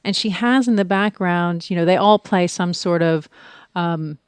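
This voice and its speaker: Animated woman telling a story, dry close mic. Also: lowish voice, unhurried, smooth, no echo. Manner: animated storyteller, acts out quotes with soft whispers and excited outbursts. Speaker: podcast guest sharing a retreat experience. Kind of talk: casual chat.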